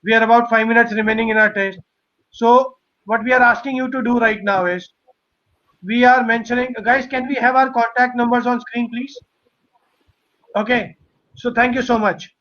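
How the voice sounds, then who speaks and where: Male webinar host, high voice, piles up phrases in lists, recorded over a muffled call line. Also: a bit bright. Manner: repetitive, listing phrases in a row. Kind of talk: live webinar moderation and promotion.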